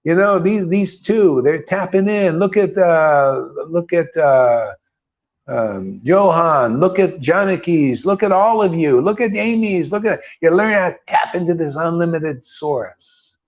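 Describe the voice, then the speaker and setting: A man's voice: on the high side, measured pace, highs cut off. A man preaching informally to a small group as a spiritual teacher, emphatic and casual, with blunt, mocking asides and swearing. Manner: emphatic and casual, often calls listeners "man".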